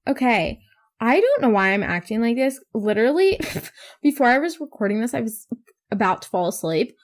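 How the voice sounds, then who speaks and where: A woman's voice: on the high side, big pitch swings, normal speed. A teenage girl hosting her own podcast, talking in a rambling, self-mocking way and swearing casually. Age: teens. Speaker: podcast host. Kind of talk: casual solo podcast chat.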